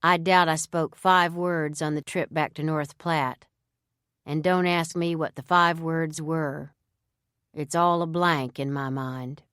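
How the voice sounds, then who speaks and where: A woman narrating a novel in the first person with a measured, even storytelling manner. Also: low voice, smooth, no echo, studio quality. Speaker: audiobook narrator.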